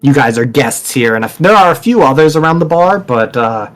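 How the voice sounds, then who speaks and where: A man's voice: mid-range voice, animated, a little fast, a bit bright, faint music behind. A man narrating a tabletop game as game master, in a casual, rambling way with many fillers.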